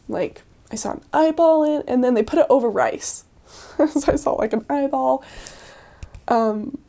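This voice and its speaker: A young woman tells stories in a loose, chatty way, scattering "like" and quick laughs through her sentences. Her voice sits fairly high but sounds warm and mellow rather than bright. She speaks as a returned missionary being interviewed. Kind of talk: casual storytelling interview.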